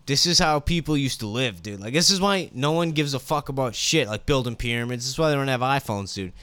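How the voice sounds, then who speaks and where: A man's voice: medium pitch, expressive, a little fast, fairly bright tone, clear, resonant tone, no echo. A man co-hosting a podcast, telling a story in loose, laid-back banter and saying "dude" again and again. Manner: laid-back stoner talk, says "dude" a lot. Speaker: podcast co-host. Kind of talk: casual chat.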